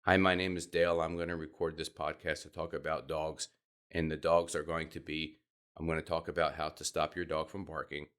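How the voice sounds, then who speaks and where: A man imitating a dull podcaster who speaks in a flat, lifeless monotone. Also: a bass voice, fairly quick, smooth, voice pushed down. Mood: bored. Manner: flat, droning, lifeless delivery.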